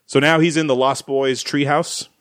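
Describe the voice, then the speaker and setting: A man in a casual movie podcast chat, recapping the plot in a relaxed storytelling way. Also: on the high side, normal speed, no room sound.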